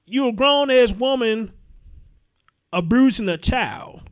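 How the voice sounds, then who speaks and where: A man with a high voice hosts a live commentary stream. He reads viewer comments aloud and answers in a blunt, profane way. He often repeats his points for emphasis. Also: expressive, slow, smooth. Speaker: host.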